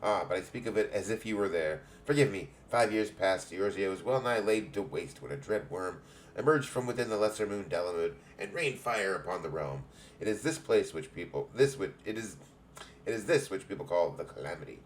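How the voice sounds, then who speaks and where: A man's voice: sits low, lively intonation, brisk, a little hiss or hum. A man voicing a stately, motherly woman who heads an adventurers' guild, in a put-on English accent and grand, old-fashioned speech while reading game dialogue aloud.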